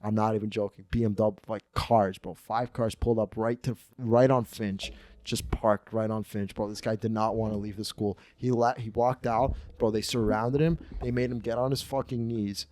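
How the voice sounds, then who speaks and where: A man in his twenties hosting a comedy podcast, telling stories in a profane, slangy, animated way and acting out voices. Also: on the low side, normal speed, dry recording. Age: 20s. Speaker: podcast host. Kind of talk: casual comedic storytelling.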